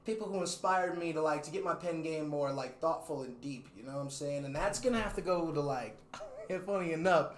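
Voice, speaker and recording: A laid-back rapper and videographer, appearing as an interview guest, curses and laughs often in casual chat. His male voice leans high and fairly quick, recorded with a roomy echo.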